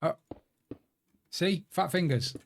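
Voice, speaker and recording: With a bit of background noise behind him, a man with a fairly high, gravelly voice speaks slowly while streaming a game. His commentary is casual and chatty, full of jokes at his own expense.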